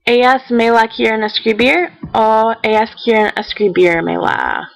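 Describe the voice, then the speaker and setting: A woman teacher giving a recorded grammar lesson in a methodical way, counting out each step and reading example sentences slowly. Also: fairly high pitch, big pitch swings, gravelly, poor audio. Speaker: Spanish teacher.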